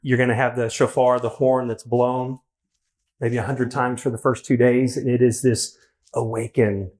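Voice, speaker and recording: A man's voice: mid-range voice, little pitch movement, moderate pace, darkish tone. A man hosting a live onstage conversation, talking in a rambling way and correcting himself as he goes. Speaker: host, interviewer. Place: event hall with audience.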